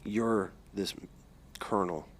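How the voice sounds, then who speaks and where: A middle-aged man hosts a podcast in a loose, casual way. His voice sits fairly low, and his talk rambles, swears freely, and starts over often. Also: steady tone, slow pace. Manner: rambling, profane storytelling with restarts. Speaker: podcast host. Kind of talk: casual interview chat.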